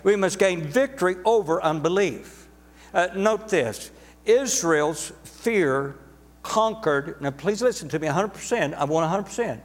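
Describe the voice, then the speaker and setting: A man's voice: high-pitched, lively intonation, measured pace, big-room sound. A man preaching a sermon to a congregation, emphatic and repetitive, drawing words out for stress. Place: church sanctuary.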